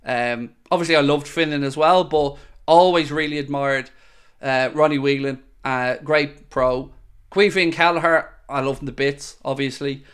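A man's voice: a little high, fairly even intonation, moderate pace, fairly bright tone, clean tone. A man hosting a live football watchalong, chatty and upbeat as he reads out viewer messages. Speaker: fan channel host.

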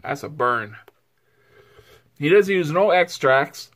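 A man's voice: a little high, animated, takes it slowly, a bit bright. A man vlogging casually while suffering from spicy heat, sighing and whooping between words. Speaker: food vlogger. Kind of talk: casual vlog.

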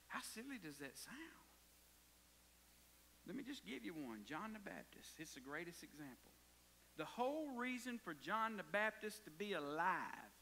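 A pastor preaching a sermon, dropping to hushed whispers and rising to hollers. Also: male voice, a little high, long reverb tail, a little hiss or hum.

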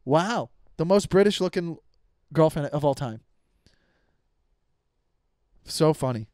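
A young man rants on his comedy podcast in a slightly high voice, swearing freely and tripping over his own sentences as he restarts them. The sound is close and dry, with no room around it. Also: expressive, takes it slowly, a little mellow, no room sound. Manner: profane, rambling with many restarts. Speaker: podcast host. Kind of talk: casual comedic rant.

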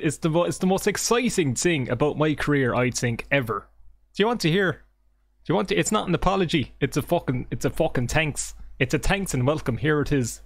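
A man streaming a game live, chatting casually with his viewers in an excitable, joking way and swearing often. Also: on the high side, dry recording. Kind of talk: casual livestream chat with viewers. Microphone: desk microphone.

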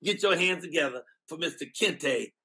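A man hosting a morning talk show, hyping up his comedian guest with loud, slangy banter. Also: fairly high pitch, lively intonation, normal speed, breathy edge. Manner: hyped, shouting introductions, loose slangy banter. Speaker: host.

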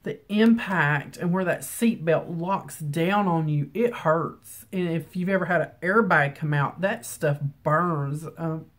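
A woman's voice: low-pitched, unhurried, hardly any pauses. A young woman, congested, chatting casually in a rambling home vlog full of ums. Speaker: beauty vlogger. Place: home room with ring light.

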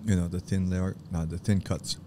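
A man's voice: low voice, flat delivery, moderate pace, background noise. A man co-hosting a casual chat, enthusiastically praising a home-cooked dish. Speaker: co-host tasting food.

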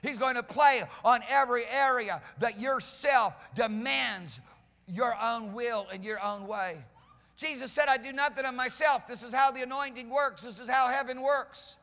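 A male pastor preaching a fiery sermon in a church, repeating phrases and swinging between shouts and low, quiet lines. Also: moderate pace. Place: church sanctuary. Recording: reverberant church hall.

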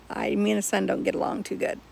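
A middle-aged woman, chatting in a relaxed, rambling way while sitting outdoors under trees. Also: mid-range voice, a little fast, gravelly, a little hiss or hum. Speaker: vlogger. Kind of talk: casual chat to camera. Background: faint outdoor sounds with birds.

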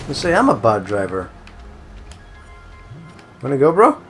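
A man's voice: medium pitch, sing-song, moderate pace, long pauses, fairly bright tone, soft background music. A man giving casual, rambling gameplay commentary, swearing a lot and joking around. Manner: swearing, rambling, jokey, breaks into song. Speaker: let's play gamer.

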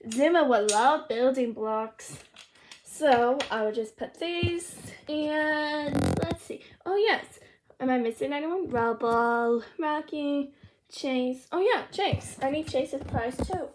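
A woman's voice: sits high, slow pace. A woman voicing a jolly old Santa in a noisy home recording, murmuring to himself as he hands out gifts. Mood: musing.

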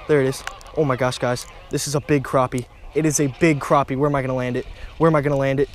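A young man vlogging while he fishes at a pond, talking casually to his viewers, easily excited and repeating himself a lot. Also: mid-range voice, fast talker. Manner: excitable, repeats himself, keeps saying "guys" and "oh my gosh". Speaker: fishing vlogger. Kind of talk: casual outdoor vlog commentary. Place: outdoors at a pond.

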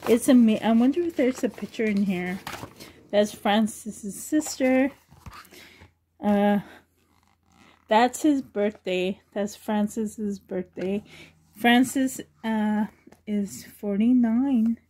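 A woman's voice: medium pitch, takes it slowly, long pauses, mellow. A middle-aged woman vlogger chatting casually and rambling, with frequent giggles as she shows things. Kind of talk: casual show-and-tell chat.

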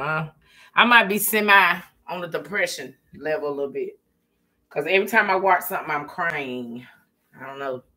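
A woman vlogging in a relaxed, chatty way, talking straight to her viewers and laughing often. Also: medium pitch. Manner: chatty, folksy, laughs often, addresses viewers as "girl" and "y'all". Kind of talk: casual chat to viewers while eating.

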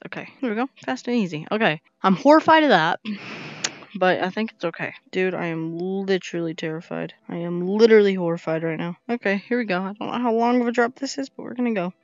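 A male gaming YouTuber giving casual, jokey commentary while playing, talking to himself with sudden loud outbursts. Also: high voice, moderate pace, dry recording. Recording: dull lo-fi recording.

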